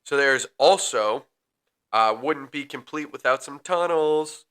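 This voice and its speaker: Bright-voiced man reading ghost history. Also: medium pitch, takes it slowly, smooth. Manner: relaxed, reads facts with filler ums, jokes between. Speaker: podcast co-host. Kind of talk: casual chat, reading history notes.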